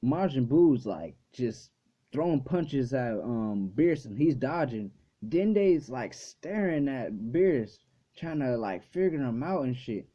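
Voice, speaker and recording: A man chats through a casual video review, loose and heavy on swearing and "like". His voice is mid-pitched with a very dark, thick timbre. The recording sounds dull and lo-fi. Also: sing-song, slow. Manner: loose and profane, full of "like" fillers. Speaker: anime reviewer and channel host.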